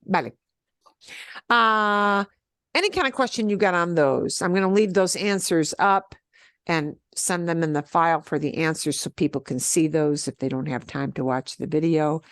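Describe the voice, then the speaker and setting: A woman's voice: sits low, normal speed, a bit bright, no echo, clean studio sound. A woman teaching a beginners' Spanish class over a video call, explaining patiently and checking in with "okay?" often.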